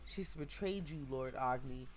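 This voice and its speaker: A woman's voice: very deep voice, unhurried, voice pushed down. A woman reading the lines of a polite, earnest seer who reads hearts. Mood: urgent.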